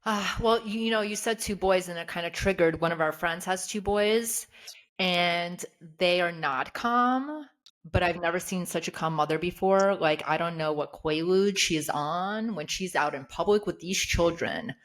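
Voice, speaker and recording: A woman's voice: lowish voice, moderate pace, fairly bright tone. A woman in her thirties, a podcast co-host whose first language is Russian, chatting candidly and laughing often as she quotes herself. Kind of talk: casual chat.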